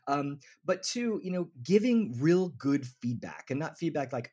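A man's voice: fairly high pitch, moderate pace, hardly any pauses, slightly rough. A man talking casually as a podcast guest, telling workplace stories and acting out quotes. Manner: animated storyteller, acts out quotes. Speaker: inclusion consultant guest.

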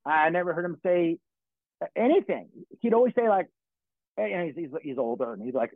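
A man's voice: a little high, expressive, brisk, no room sound. A middle-aged man from California telling stories in casual chat, rambling and swearing with many restarts. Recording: tinny phone-like dry sound.

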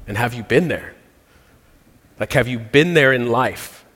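A man preaching a sermon, earnest and reflective, pausing and restarting as he works through a psalm. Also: medium pitch, a bit bright. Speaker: pastor. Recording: long reverb of a large hall.

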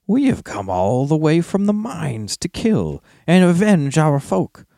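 A man's voice: a little high, huge pitch swings, unhurried, vocal fry, dark tone, no room sound, clean studio sound, pitched above the performer's own voice, full character voice. A man voicing a bloodthirsty male orc from the mines in a read-aloud book excerpt, raised and vengeful.

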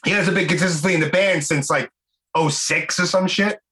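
This is a man, hosting an interview podcast and chatting in a loose, storytelling way. His voice sits a little high and sounds bright and forceful. He swears casually and gets animated as he recounts stories. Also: a little fast, a little hiss or hum, low-quality recording. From New York. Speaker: podcast host.

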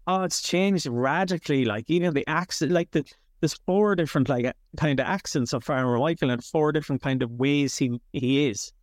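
An Irish man in his thirties, a comedian chatting as an interview guest in a rambling, animated way that swears freely. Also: fairly high pitch, normal speed, no echo, clean studio sound. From Ireland. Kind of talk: casual interview chat.

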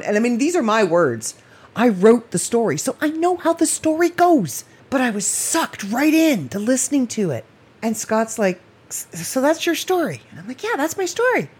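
Husky-voiced woman rambling on her podcast. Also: lowish voice. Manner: rambling, emotional, laughs often. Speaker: podcast host. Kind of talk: casual late-night monologue.

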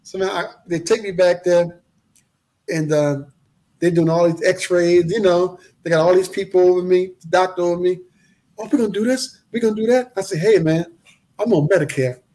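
A man telling his life story in a casual interview, animated and acting out the voices of the people in it. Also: sits high, normal speed. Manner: animated, acts out quoted voices, repeats phrases.

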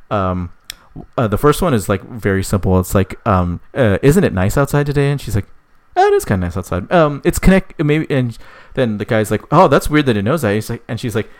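Rambling through an invented tale in a casual way, a man swears, leans on lots of fillers, and raises his pitch to speak the characters' lines.

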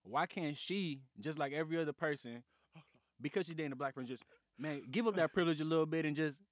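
Young male co-host, a touch high-pitched, dry close sound, loose animated banter. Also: quick pace, no room sound. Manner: animated, keeps saying "you know what I'm saying". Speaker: podcast co-host. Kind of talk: casual comedic chat.

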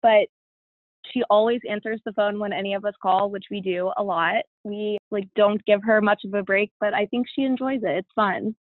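A woman's voice: mid-range voice, fairly even intonation, normal speed, dry recording. A young woman answering interview questions in a composed, friendly way. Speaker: interview guest. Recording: phone-like dry sound.

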